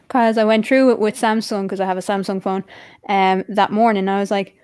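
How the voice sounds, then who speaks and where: A woman's voice: a little high, fairly even intonation, normal speed, a little mellow, clean tone, dry recording. Sweary Irish woman chatting. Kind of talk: casual chat.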